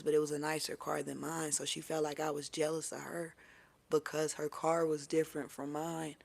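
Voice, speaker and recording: A tarot reader with a gravelly, fry-heavy voice, telling a story loosely to the camera. The talk is profane and full of fillers like "you know what I'm saying". The pitch sits in the middle of the range. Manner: laughs often. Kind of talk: casual storytelling.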